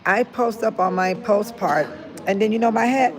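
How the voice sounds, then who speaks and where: A woman's voice: medium pitch, normal speed. An older retired woman chatting casually with viewers on a phone livestream, laughing often and talking straight to them. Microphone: phone held close to the face.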